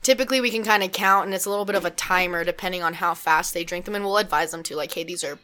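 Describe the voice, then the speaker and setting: A woman co-hosting a casual chat, talking about her work as a bartender in a relaxed, chatty way. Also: on the low side, rapid-fire. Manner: relaxed, chatty, filler-heavy. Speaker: co-host, bartender.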